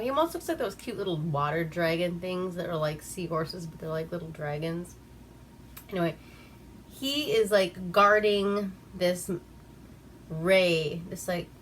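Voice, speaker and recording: A woman's voice: lowish voice, moderate pace, a little hiss or hum. A woman giving a rambling, profane, casual recap of an old movie and laughing at herself. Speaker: movie reviewer.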